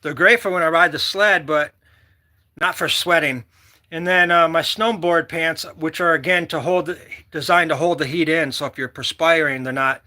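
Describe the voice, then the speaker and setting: High, bright-voiced joking man. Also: steady tone, normal speed. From Michigan. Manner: rambling, joking, loud whoops. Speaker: vlogger. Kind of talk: casual outdoor vlog chat.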